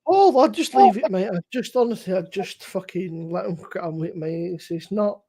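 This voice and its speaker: A tipsy man with a high, light voice, chatting on a casual live stream. He swears freely and laughs through his stories. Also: lively intonation, normal speed, dark tone, slightly rough. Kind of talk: casual drunken banter.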